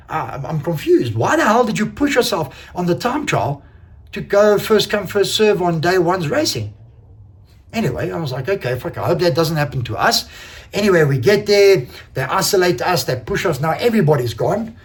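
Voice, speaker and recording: Animated racer telling a story. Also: male voice, high voice, normal speed. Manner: animated, swears freely, acts out quoted exchanges. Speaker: enduro racer. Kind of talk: casual race recap storytelling.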